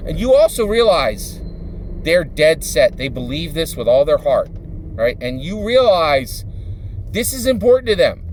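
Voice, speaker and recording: A man's voice: on the high side, sing-song, normal speed, a little hiss or hum. Rambling man from Philadelphia. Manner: rambling, with many fillers and repeated tags of "right?". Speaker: YouTuber and dungeon master. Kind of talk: casual spoken monologue.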